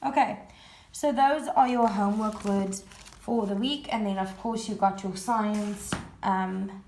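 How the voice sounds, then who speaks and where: A woman's voice: medium pitch, fairly even intonation, measured pace, a little mellow, a little hiss or hum. A woman primary school teacher recording a home-learning lesson, patiently explaining words one at a time and repeating them. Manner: patient, repetitive word-by-word explaining. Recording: roomy echo.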